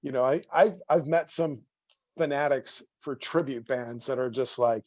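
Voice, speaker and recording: A man's voice: mid-range voice, moderate pace, darkish tone, dry recording, dull audio. A man hosting an interview, chatty and self-deprecating, asking rambling questions. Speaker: interview host. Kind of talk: casual interview chat.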